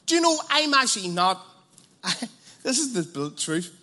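Passionate high-voiced male preacher. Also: sing-song, measured pace. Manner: passionate, swings from hushed to loud; colloquial, blunt asides. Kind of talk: evangelistic sermon.

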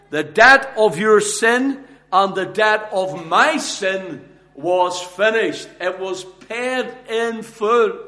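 A man preaching a sermon, slow and emphatic, swinging between hushed lines and loud, ringing ones. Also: high voice.

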